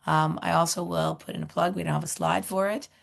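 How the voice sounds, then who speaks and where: A middle-aged woman with a hoarse voice, hosting a webinar and introducing speakers, halting with many fillers. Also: fairly low pitch, flat delivery. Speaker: seminar host, director of education.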